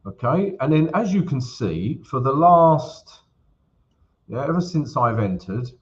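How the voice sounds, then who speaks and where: A man's voice: mid-range voice, sing-song, unhurried, muffled recording. A man hosting a live trading stream, chatting casually and greeting viewers by name with jokes. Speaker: forex trading livestream host. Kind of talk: casual livestream chat.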